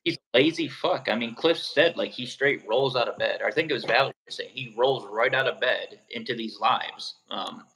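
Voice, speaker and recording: A man's voice: medium pitch, moderate pace, few pauses, sharp tone, a little hiss or hum, poor audio. A man co-hosting a live stream, talking in a laid-back, profane way. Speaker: co-host. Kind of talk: casual live-stream chat.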